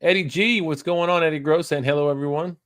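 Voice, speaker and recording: A man with a fairly high, fairly bright voice talks fast in a recording with no echo. Co-hosting a fishing livestream, he reads out viewer comments casually and laughs between them.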